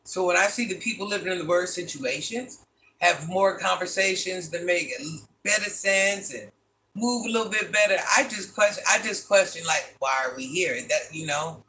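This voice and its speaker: A man hosts a casual livestream, talking straight to his chat. His voice is bright and forceful and sits a little high. He is animated and exasperated, firing off rhetorical questions and laughing often. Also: normal speed. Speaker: livestream host reading chat.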